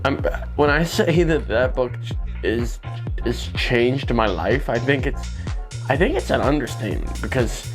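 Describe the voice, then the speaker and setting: In his art studio, a painter and video host chats as he works, his medium-pitched voice animated but unhurried over music. His talk is loose and rambling, peppered with "like," false starts, and little jokes.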